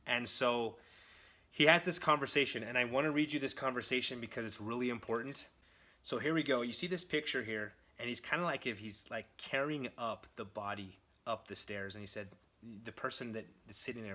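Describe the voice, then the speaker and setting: A man's voice: mid-range voice, a little fast, pushed and bright. A man casually reviewing a comic book, enthusiastic and rambling with lots of fillers.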